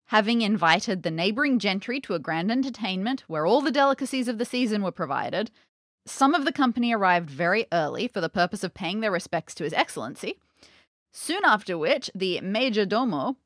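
A woman co-hosting a podcast, chatting casually and reading an old joke aloud in an animated way. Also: medium pitch, dry recording, studio quality. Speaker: podcast co-host.

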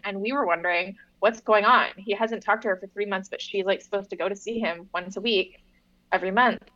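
A woman's voice: medium pitch, a little fast, a bit bright, no room sound, lo-fi sound. A young woman co-hosting a podcast, making wry asides and wandering off on tangents in casual book chat. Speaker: podcast co-host.

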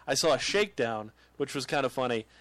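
A man's voice: mid-range voice, lively intonation, quick pace, fairly bright tone. Rambling, laughing male podcast host. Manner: rambling storyteller, laughs often. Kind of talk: casual chat.

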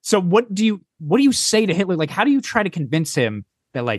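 A man hosts a casual podcast chat, his pitch swinging up and down as he poses playful what-if questions. The sound is dry and close, with no room around it. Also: quick pace, few pauses, no echo. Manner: animated, quizzing guests with hypotheticals. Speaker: podcast host.

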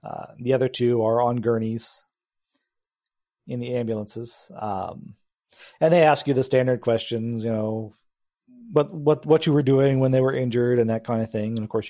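Male game master, warm mellow voice, relaxed halting delivery. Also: mid-range voice. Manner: relaxed, halting, with many fillers. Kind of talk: narrating a tabletop game.

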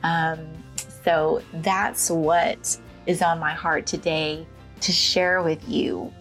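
Slow, gentle woman sharing devotion. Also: low voice, little pitch movement, over music. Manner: gentle and reflective, many pauses and fillers. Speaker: Christian devotional speaker.

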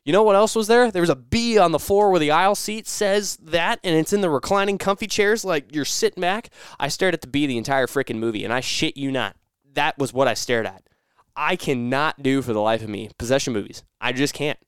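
A man's voice: fairly high pitch, fairly quick, smooth, dry recording, studio quality. A young man hosting a casual solo podcast, rambling and correcting himself as he tells stories. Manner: rambling, self-correcting storyteller. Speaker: podcast host.

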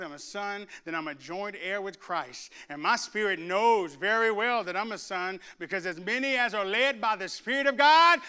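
Male preacher, middle-aged, high ringing voice, animated, shouts at the peaks. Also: clean tone. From Arkansas. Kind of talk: sermon.

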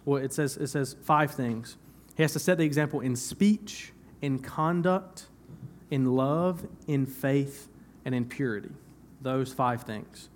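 A man's voice: mid-range voice, unhurried, slight background noise. A young man preaching a sermon in church, talking conversationally, repeating phrases for emphasis and laughing at himself now and then. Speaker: pastor.

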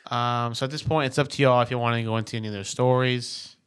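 A man's voice: mid-range voice, steady tone, fast, fairly bright tone, clean tone. A man co-hosting a casual podcast chat, loose and joking, often trailing off and restarting sentences. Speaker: podcast co-host.

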